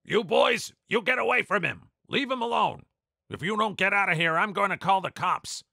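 A man voicing a balding older man who shouts down bullies in a commanding way. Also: medium pitch, expressive, moderate pace, gravelly, no echo, clean studio sound, full character voice. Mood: scolding.

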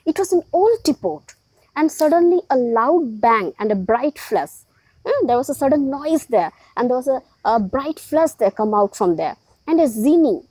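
Woman teacher, high voice, mellow tone, dry close sound, explains with questions. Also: slightly rough, no echo, low-quality recording. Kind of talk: reading a story and explaining it to a class.

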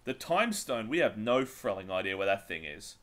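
A man's voice: lowish voice, very animated, normal speed, noisy background. A man hosting a casual podcast chat, joking and steering the topics. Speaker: podcast host.

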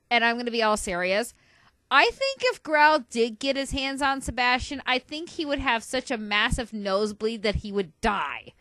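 A woman gushing excitedly about a favorite character in casual fan chat, giggly and excitable. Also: sits high, no echo.

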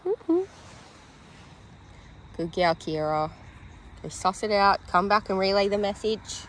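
Filming outdoors on her phone in a dog play yard, a woman who works at a dog daycare coos sing-song praise at the dogs while casually narrating her vlog. Her medium-pitched voice moves slowly, with slight background noise.

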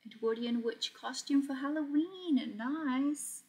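This young woman from Portugal has a high voice with a darkish tone. She hosts a laid-back sewing livestream, chatting easily, reading out the chat, and laughing often as she works.

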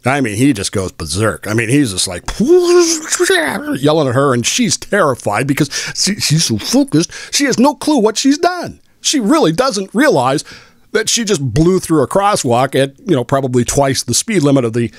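A man's voice: medium pitch, dry recording, studio quality. An older man hosting his own show, telling a long rambling story with frequent laughs. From Washington State, US. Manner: rambling, amused, laughs often. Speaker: podcast host. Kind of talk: storytelling monologue.

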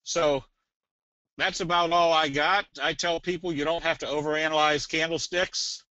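Bright-voiced folksy man presenting a webinar. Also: steady tone, moderate pace, dry recording. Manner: folksy, tells jokes, sales pitch patter. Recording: dull, dry webinar audio.

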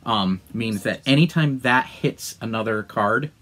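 A woman's voice: very deep voice, unhurried, fairly bright tone. A woman co-hosting a casual chat, teasing wryly and explaining game rules. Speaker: co-host.

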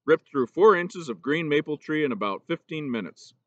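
A man voicing a gruff, remorseful older male teacher in a storybook reading, talking plainly and low. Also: animated, moderate pace, no room sound, dull audio, close to an everyday voice.

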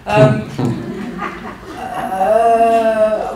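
Recorded far from the mic in a big reverberant hall, this thirties-aged woman novelist from England talks fairly quickly in a darkish, medium-pitched voice. She's a guest in a public conversation, pondering aloud, hesitating and restarting often over slight background noise.

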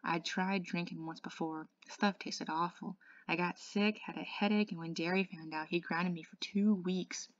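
A woman, an English tutor, reading a novel aloud in a steady voice, with small slips and restarts. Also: lowish voice, moderate pace, few pauses, dull audio.

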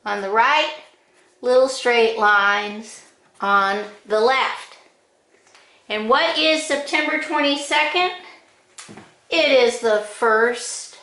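Woman, drawing teacher, fairly high voice, unhurried step-by-step delivery, echoey room. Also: bright, forceful tone. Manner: slow, patient, gives short drawing directions one step at a time.

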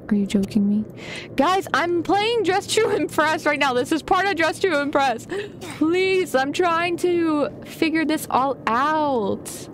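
High, lively young woman streamer. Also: takes it slowly, background noise. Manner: excitable, gasping and giggling, chatting to viewers. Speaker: gaming streamer. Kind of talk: live gameplay commentary.

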